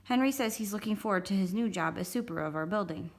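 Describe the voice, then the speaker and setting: A woman's voice: medium pitch, quick pace. Woman reading a children's novel aloud. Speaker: storytime reader.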